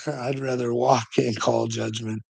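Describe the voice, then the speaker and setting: A man's voice: mid-range voice, level tone, slow, creaky, husky. A weary man ranting in a profane monologue to the camera, swearing constantly and stammering through restarts. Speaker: vlogger.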